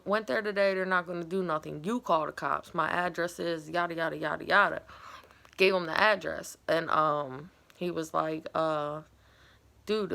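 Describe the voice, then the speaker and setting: A woman with a gravelly, creaky voice and a bright, forceful tone, talking casually and at length. She wanders through her story candidly, leaning on fillers. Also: deep voice. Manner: candid, rambling, filler-heavy retelling. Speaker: vlogger.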